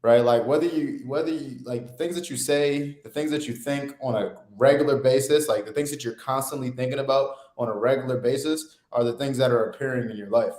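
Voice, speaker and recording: A man's voice: medium pitch, fairly quick, few pauses, a little mellow, echoey room. A young man, co-host of a podcast, explaining an idea in loose casual talk, often tagging "right?" onto his sentences. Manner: loose, filler-heavy, keeps asking "right?".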